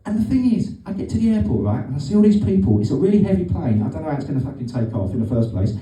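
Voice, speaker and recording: A middle-aged British man performs a rambling, sweary, sardonic stand-up set on a club stage. His voice sits on the high side and sounds mellow, and he talks very fast with lots of animation. The recording has a roomy, distant stage sound.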